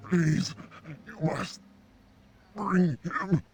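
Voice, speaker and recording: An actress voicing a cursed female elf who is turning into a werewolf, pleading through pain in a strained, gravelly voice. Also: fairly low pitch, steady tone, very slow, a little mellow, slight background noise. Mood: anguished pleading. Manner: pleading, anguished.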